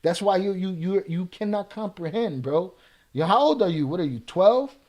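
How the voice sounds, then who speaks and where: A man's voice: high voice, animated, moderate pace, darkish tone. A man hosting a live reaction stream, reading chat comments aloud and firing back in profane street slang with a Chicago accent. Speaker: reaction channel host.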